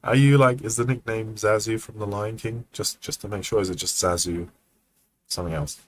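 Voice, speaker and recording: Low-voiced, chatty animation mentor man. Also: moderate pace. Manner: relaxed and chatty, thinks aloud with many ums, acts out poses. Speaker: animation mentor reviewing student work. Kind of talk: casual livestream feedback.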